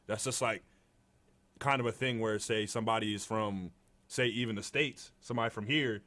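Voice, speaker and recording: Young man with a deep, easygoing voice. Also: normal speed. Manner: relaxed, conversational, many fillers. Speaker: podcast co-host. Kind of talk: casual chat.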